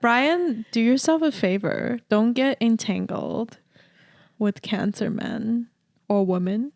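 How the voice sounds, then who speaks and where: A woman in her mid-twenties co-hosting a casual podcast in a valley-girl drawl. She speaks very slowly, a bit high, and sounds close and dry. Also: darkish tone, no room sound. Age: mid-20s. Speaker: podcast co-host. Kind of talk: casual chat.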